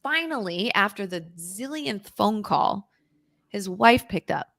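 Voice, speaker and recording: A woman, a guest on an interview show, telling an intense personal story in a vivid, dramatic way, at times dropping to a hushed whisper. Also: medium pitch, animated, slow, gravelly, dry recording, clean studio sound. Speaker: interview guest, recovery author.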